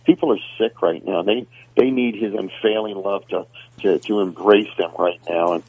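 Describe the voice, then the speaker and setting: A man's voice: fairly low pitch, moderate pace, a little mellow, breathy edge, dry recording. A man co-hosting a faith radio talk show, speaking conversationally and often repeating words as he thinks aloud. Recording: tinny phone-line sound.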